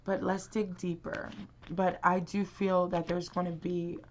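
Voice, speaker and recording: Low-voiced woman giving a rambling tarot reading. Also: flat delivery, a little slow, dull audio, a little hiss or hum. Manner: rambling, many fillers and restarts. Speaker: tarot reader. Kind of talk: casual tarot reading to camera.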